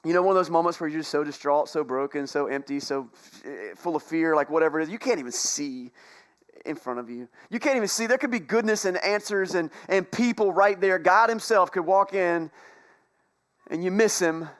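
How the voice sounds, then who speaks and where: A man preaching a sermon in a church, telling a story in a relaxed, conversational way, with playful asides and jokes. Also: a little high, brisk. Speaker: pastor. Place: church sanctuary.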